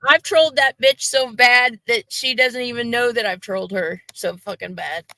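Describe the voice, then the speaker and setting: Blunt, profane female stream guest; bright, sharp tone. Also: fairly high pitch, moderate pace, no room sound, rough recording. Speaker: guest on a livestream. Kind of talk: casual gossip chat on a livestream.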